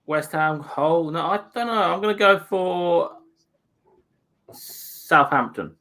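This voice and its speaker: A man co-hosting a casual football livestream, reacting excitedly and exclaiming at the match. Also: on the high side, slow. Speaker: livestream co-host. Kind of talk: casual chat watching football.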